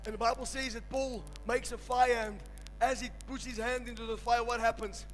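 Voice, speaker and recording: A male preacher giving a fervent sermon at a church service, building to shouts and calling on the congregation. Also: very high-pitched, flat delivery, normal speed, faint music behind, rough recording.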